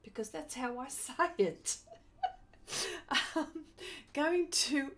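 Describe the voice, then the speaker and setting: A fairly high-voiced Australian woman chats her way through an art live stream. Her talk is loose and friendly, and her voice jumps up brightly whenever she greets a viewer by name. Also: slow. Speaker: art livestream host. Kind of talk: casual live stream chat while drawing.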